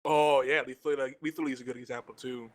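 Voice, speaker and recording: A man's voice: mid-range voice, fast. Man chatting while eating. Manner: rambling, relaxed gamer talk. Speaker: guest panelist. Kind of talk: casual round-table chat.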